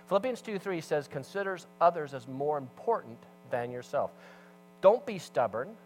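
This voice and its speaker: Animated storytelling pastor, higher male voice. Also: low-quality recording. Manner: animated storyteller, swings between loud emphasis and hushed asides. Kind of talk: sermon with storytelling.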